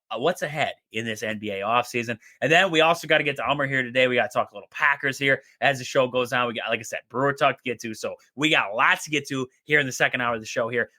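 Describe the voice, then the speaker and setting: Hoarse upbeat male sports radio host. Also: mid-range voice, no room sound, studio quality. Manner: rambling, energetic, repeats himself. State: hoarse, voice going. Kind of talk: casual sports talk show.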